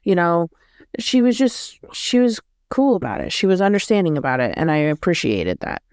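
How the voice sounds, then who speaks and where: A woman's voice: lowish voice, big pitch swings, normal speed, darkish tone, clear, resonant tone, no room sound, studio quality. A woman vlogger telling a story in a casual, rambling way, often correcting herself. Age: adult.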